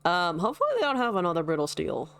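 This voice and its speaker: Over soft background music, a woman with a fairly low, sing-song, clear and resonant voice chats rapid-fire while streaming a card game. Casual and chatty, she swears, laughs often, and talks to her chat as she plays.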